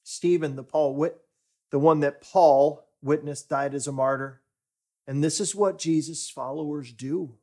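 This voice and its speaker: A male pastor delivers a sermon at an unhurried, deliberate pace. His voice sits a little high for a man, and he builds to emphatic declarations before dropping to soft near-whispers. The whole delivery stays earnest and measured. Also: fairly even intonation. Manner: slow, deliberate preaching that swells for emphasis and drops to near-whispers.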